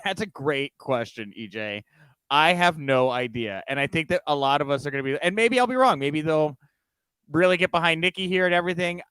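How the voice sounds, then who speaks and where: A man hosts a casual podcast, chatty and quick with asides. His voice is smooth and fairly high for a man. It sounds close and dry, with no room around it. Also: lively intonation, fairly bright tone, dry recording. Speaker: podcast host. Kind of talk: casual chat.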